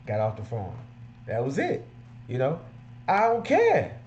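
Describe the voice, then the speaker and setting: A man's voice: mid-range voice, wildly swooping pitch, unhurried, long pauses, darkish tone, highs cut off, a little hiss or hum. A man who runs a mobile detailing business, giving emphatic, repetitive, street-casual advice.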